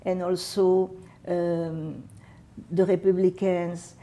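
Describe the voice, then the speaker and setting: Mellow-voiced elderly woman with a French-Catalan accent. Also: lowish voice, little pitch movement. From France. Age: 80s. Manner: unhurried storytelling in non-native English with halting restarts. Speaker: veteran oral history interviewee. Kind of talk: personal war memories told to an interviewer.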